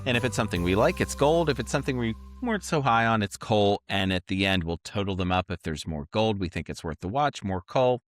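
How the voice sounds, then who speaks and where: A man co-hosting a podcast, calmly leading segments and giving his take on a TV episode. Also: lowish voice, no echo, clean studio sound, soft background music. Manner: measured, affirming, runs the segments. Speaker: podcast co-host. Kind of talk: casual podcast talk.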